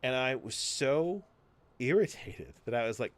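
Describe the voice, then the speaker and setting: A man telling a story on a podcast with a lively, swooping pitch that climbs high when he mimics other people. He swears casually and rambles through his anecdotes. The sound is dry and close. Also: brisk, dry recording. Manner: animated storytelling, swearing, acts out quoted voices. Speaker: podcast co-host. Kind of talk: casual chat.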